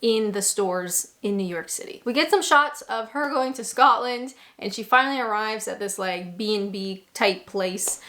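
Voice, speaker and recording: A woman's voice: fairly high pitch, a bit bright. A young Canadian woman recapping a bad movie in casual commentary, with sarcastic asides and laughs. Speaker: movie reaction host.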